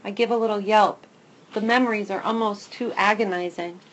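A woman narrating a first-person children's story in a lively, expressive way. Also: medium pitch, a little fast, highs cut off. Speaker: audiobook narrator.

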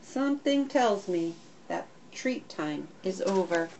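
A woman narrating a first-person children's story in a lively, expressive way. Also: medium pitch, slow, slight background noise, rough recording. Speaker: audiobook narrator.

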